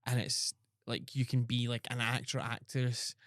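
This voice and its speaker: A man's voice: medium pitch, monotone, unhurried, fairly bright tone, no room sound. Rambling man, dry close mic. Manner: rambling, many fillers and restarts. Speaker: podcast host. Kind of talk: casual chat.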